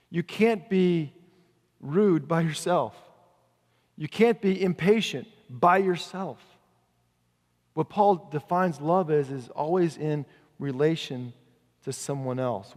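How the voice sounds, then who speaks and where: Guy preaching casual sermon, kinda high voice, slows way down reading verses, big echoey hall. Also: darkish tone. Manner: conversational preaching, slows down to read scripture. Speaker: pastor. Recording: long reverb of a large hall.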